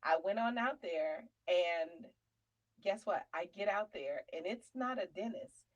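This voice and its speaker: A woman comedian and show host telling a funny personal story, chatty and animated, calling listeners honey and slipping into faith testimony. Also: on the low side, measured pace, highs cut off. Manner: testimony-style preaching about faith.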